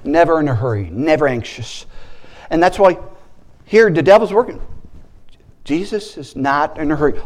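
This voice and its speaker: A man preaching a sermon as a guest speaker, animated, breaking into shouted praises and acting out the voices in his stories. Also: a little high, moderate pace, long pauses.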